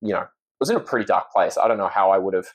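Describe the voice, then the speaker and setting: An actor appearing as a podcast guest speaks in a low, rapid-fire voice with an Australian accent. In the casual interview he comes across earnest and reflective, often restarting his sentences.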